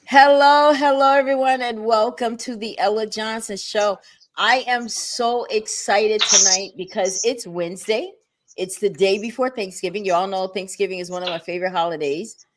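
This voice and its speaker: A woman hosting a livestreamed talk show from a home setup, animated and chatty with playful asides. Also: medium pitch, moderate pace.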